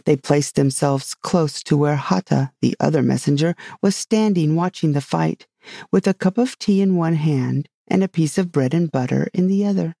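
A man narrating a storybook in a measured storytelling manner. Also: fairly high pitch, vocal fry, warm tone, no echo, clean studio sound. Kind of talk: storybook reading.

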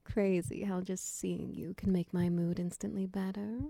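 A woman in a whispered role-play, voicing a large, doting, protective lover who coos, teases softly and slips into whispers. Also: medium pitch, little pitch movement, vocal fry, no room sound. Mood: tender. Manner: slow, soft, cooing and teasing, drifting into whispers. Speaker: voice actor in audio role-play.

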